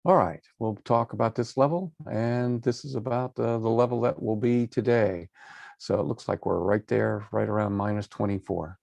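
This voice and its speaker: A man's voice: lowish voice, moderate pace, vocal fry, a little mellow, no room sound. A man on a video call, chatty while testing his microphone level. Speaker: call participant.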